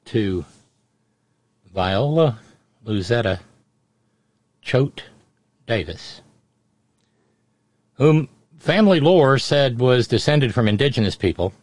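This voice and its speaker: A man's voice: medium pitch, lively intonation, slow, long pauses, a little mellow, no room sound. A middle-aged man hosting a radio show, telling a family story in a rambling, digressive way. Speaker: radio host. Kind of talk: casual radio monologue.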